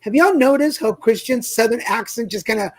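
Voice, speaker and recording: Husky sassy talk-show man. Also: very high voice, fairly quick, rough recording. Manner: sassy, chatty. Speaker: co-host. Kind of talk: casual chat.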